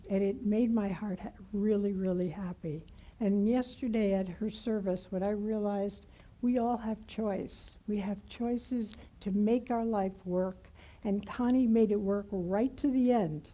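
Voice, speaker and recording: A woman minister giving a gentle, heartfelt sermon in a church. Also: medium pitch, fairly even intonation, unhurried, muffled recording. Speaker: guest minister. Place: church sanctuary.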